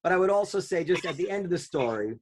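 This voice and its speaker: A man's voice: sits high, expressive, fast talker, darkish tone. A man hosting a casual panel talk, rambling with many fillers and restarts. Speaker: podcast host.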